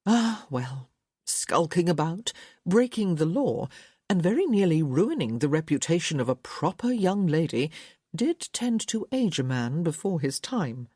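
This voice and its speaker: A woman giving expressive scripted narration of a romance audiobook. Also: low voice, husky, dry recording, studio quality. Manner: expressive storytelling.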